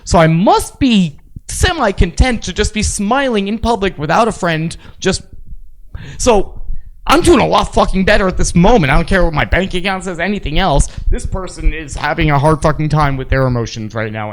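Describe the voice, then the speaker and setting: A high-pitched man at a moderate pace tells rambling, foul-mouthed stories with animation while co-hosting a podcast in relaxed conversation.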